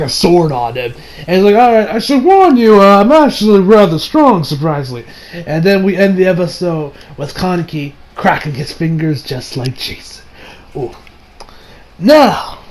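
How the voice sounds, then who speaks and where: Rambling excited man recapping an anime. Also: high-pitched, poor audio. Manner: rambling, full of "like" and restarts, bursts into excited laughter. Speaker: anime reviewer. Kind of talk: casual episode recap.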